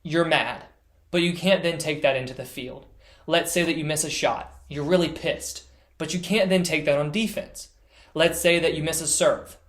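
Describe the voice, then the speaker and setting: A man's voice: on the high side, fairly even intonation, normal speed, fairly bright tone. A man explaining a mental strategy as a sports psychology coach, speaking plainly and directly with simple repeated phrases. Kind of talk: instructional talk to camera.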